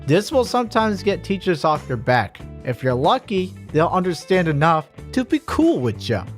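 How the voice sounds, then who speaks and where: Sarcastic man with a lively, jumpy voice. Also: a little high. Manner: sarcastic, deadpan then suddenly animated. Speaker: comedy vlogger. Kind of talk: mock-instructional comedy monologue.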